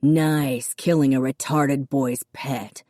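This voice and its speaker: A resentful working-class father who spits bitter words, as a woman narrator puts him on. His voice is low and dark, read dry and close to the mic like a storybook. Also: steady tone, takes it slowly, dry recording. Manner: resentful and spiteful.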